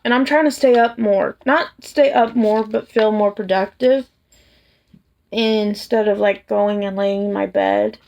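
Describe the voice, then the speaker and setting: A woman vlogger chatting casually to camera, soft and hesitant, tired after work. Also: mid-range voice, steady tone, measured pace, gravelly. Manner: soft, hesitant, with many restarts and fillers. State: tired, yawning. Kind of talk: casual personal chat to camera.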